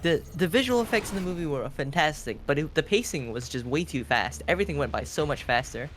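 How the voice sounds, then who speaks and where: A man casting a live strategy game, chatty and quick with asides. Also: on the high side, expressive, a bit bright, a little hiss or hum. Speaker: esports caster.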